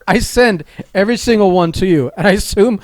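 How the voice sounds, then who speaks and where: A man's voice: high voice, a little fast, no echo. A man co-hosting a podcast in casual chat, often breaking into laughter as he talks. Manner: laughs often while talking. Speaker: podcast co-host.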